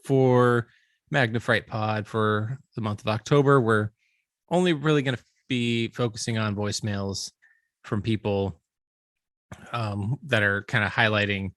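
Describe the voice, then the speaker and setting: Co-host, man, laid-back and slangy, lowish voice, dry close sound. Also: steady tone, unhurried, a bit bright, no room sound. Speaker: podcast co-host. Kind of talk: casual chat.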